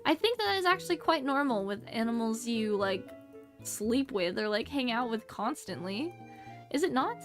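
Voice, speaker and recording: A woman's voice: on the high side, very animated, moderate pace, soft background music. A young woman streaming casually, rambling and bubbly, breaking into baby-talk squeals and muttering counts under her breath as she plays. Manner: mutters counts quietly while concentrating. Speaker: VTuber streamer. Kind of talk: casual livestream chat while gaming.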